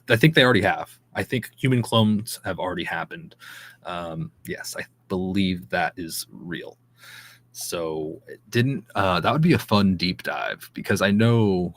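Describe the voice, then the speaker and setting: A man with a fairly low voice hosts a daily news show. He reads articles aloud and breaks into chatty, skeptical asides, sometimes tripping over unfamiliar names. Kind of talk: casual news commentary, reading articles aloud.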